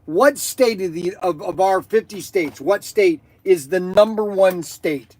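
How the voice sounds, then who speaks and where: A man hosts a live stream in a high, bright-edged voice with a dry, close sound. He rambles excitably from one thought to the next and fills the gaps with ums and uhs. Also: measured pace, no room sound. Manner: rambling, excitable, many fillers. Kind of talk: casual live-stream chat.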